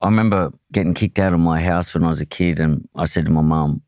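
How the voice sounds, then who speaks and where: A man's voice: low voice, fairly even intonation, quick pace, a little mellow, no room sound, studio quality. An Australian man telling his own story in a candid, blunt way, swearing often and restarting his sentences. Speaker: podcast guest, boxer.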